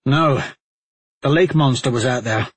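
A man's voice: medium pitch, measured pace, husky, no room sound. A man voicing a haunted, guilt-ridden male adventurer in an audiobook, speaking in a strained, tense way.

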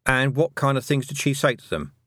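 A man voicing a skeptical adult witch woman in an audiobook, measured and slightly dismissive. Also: medium pitch, expressive, a bit bright, dry recording, voice pushed up. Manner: measured, dry, a bit dismissive. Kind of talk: audiobook character voice.

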